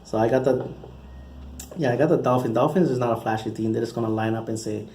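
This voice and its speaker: A man's voice: medium pitch, quick pace, warm tone, slight background noise. A man hosting his own channel, talking through his football predictions in a casual, rambling way with frequent restarts. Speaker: channel host giving football picks.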